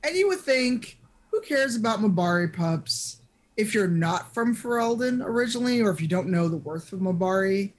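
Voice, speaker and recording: A woman narrating an online tabletop game as game master, chatty and halting with lots of fillers. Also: medium pitch, lively intonation. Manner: chatty, hesitant with many fillers.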